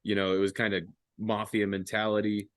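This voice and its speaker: A man's voice: fairly low pitch, brisk, no echo, clean studio sound. A young man hosting a podcast, telling a long army story in casual, profane chat. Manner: profane, animated storytelling with acted-out quotes. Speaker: podcast host.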